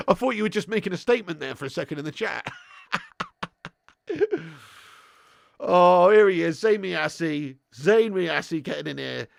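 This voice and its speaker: A man's voice: sits high, gravelly, a bit bright, dry recording, clean studio sound. A young man hosting a live football watch-along, bantering with his chat, swearing and laughing often.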